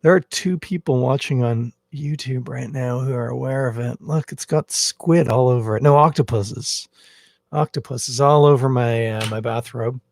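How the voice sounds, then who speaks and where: A man's voice: mid-range voice, normal speed, creaky, dry recording. A man hosting a casual podcast livestream from home, rambling with self-mocking jokes. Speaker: podcast host. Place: at home, in a bathrobe. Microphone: headphones with a cable, phone camera.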